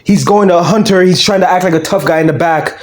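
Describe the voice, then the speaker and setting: A young man hosting his own channel, ranting in casual commentary, loud and excitable, swinging between shouting and mumbling. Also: high-pitched, a little fast. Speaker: channel host.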